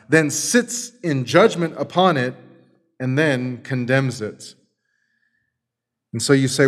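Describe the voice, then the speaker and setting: Delivering a sermon with a medium-pitched voice, this man, a father and pastor, poses rhetorical questions and shifts from forceful emphasis to hushed tenderness.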